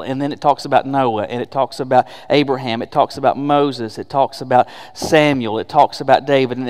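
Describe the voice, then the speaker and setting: A man's voice: medium pitch, a little mellow, big-room sound. A man preaching a sermon as pastor, emphatic and conversational, asking rhetorical questions. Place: church sanctuary.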